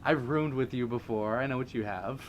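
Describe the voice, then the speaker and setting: A man's voice: mid-range voice, moderate pace, slight background noise. A man hosting a casual livestream, reading viewer comments aloud and laughing often. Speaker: livestream host.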